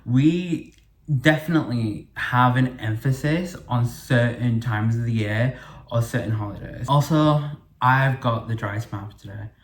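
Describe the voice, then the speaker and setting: A man's voice: mid-range voice, measured pace. Chatty young man in an echoey room. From United Kingdom. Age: young adult. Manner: chatty and rambling, with frequent fillers and self-corrections. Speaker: podcast host. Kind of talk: casual solo podcast monologue. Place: living room.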